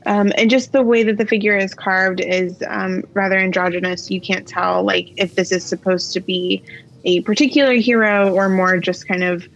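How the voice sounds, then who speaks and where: A woman running a tabletop game as game master, narrating in a relaxed way with many pauses and fillers. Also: mid-range voice, vocal fry. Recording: slightly dull, faint noise.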